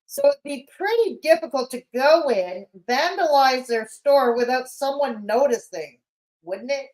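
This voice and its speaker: A woman's voice: high voice, animated, unhurried, darkish tone, rough recording. A woman hosting a live-stream, commenting on clips in a sarcastic, mocking way. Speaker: commentary channel host.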